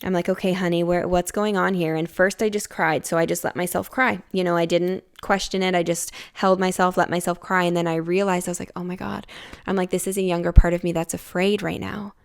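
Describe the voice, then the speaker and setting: A woman's voice: fairly low pitch, flat delivery, brisk, gravelly, few pauses, clear, resonant tone. A young woman hosting a podcast, talking candidly and reflectively about her own healing, full of "like" and "you know". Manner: confiding and reflective, many fillers like "like" and "you know". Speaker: podcast host. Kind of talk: candid personal self-help talk.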